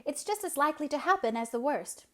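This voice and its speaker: A woman's voice: high voice, expressive, fast talker, fairly bright tone, voice pushed up. A woman reading aloud, voicing an earnest, enthusiastic sixteen-year-old girl.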